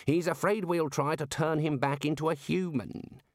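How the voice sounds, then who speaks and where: A man's voice: on the high side, steady tone, moderate pace, no room sound, studio quality, pitched above the performer's own voice, natural voice. A man voicing a sly, gossiping older wizard who talks in an insinuating tone, in an audiobook. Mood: confiding.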